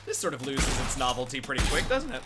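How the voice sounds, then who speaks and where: A woman streaming a game, chatting casually and breaking into excited exclamations and laughter. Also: extremely low pitch, fast, over loud music. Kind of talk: casual live-stream commentary. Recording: loud background noise.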